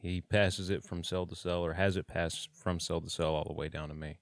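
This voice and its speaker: A man's voice: low-pitched, fairly even intonation, fairly quick, vocal fry, no room sound. A man casually telling his own story in a blunt, plain-spoken way, with swearing and slang.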